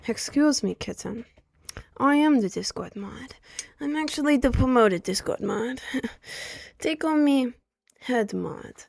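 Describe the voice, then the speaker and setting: A woman plays a smug, self-important forum head moderator in a put-on accent, boastful and hushed. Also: sits high, lively intonation, slow, creaky, pauses often, dry recording, clean studio sound, full character voice.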